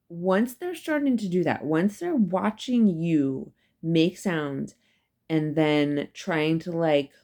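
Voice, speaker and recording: Female professor with a low voice, conversational lecture, emphatic with lots of fillers. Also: a little mellow. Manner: chatty and emphatic, many fillers and asides. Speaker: psychology professor. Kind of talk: casual recorded lecture.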